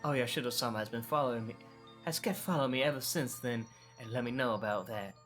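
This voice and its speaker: A man's voice: mid-range voice, quick pace, fairly bright tone, faint music behind, natural voice. A man reading a visual novel aloud, voicing a tormented teenage girl sinking into paranoid delusion, repeating herself in an obsessive, pleading way. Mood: brooding.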